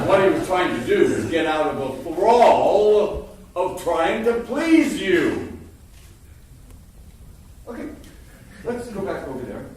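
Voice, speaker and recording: An older man teaching acting before an audience, an animated storyteller who stammers and restarts and bursts into loud impressions. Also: sits high, slow pace, long pauses, heavy background noise. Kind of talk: lively workshop talk. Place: large hall before an audience. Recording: echoey hall from far off.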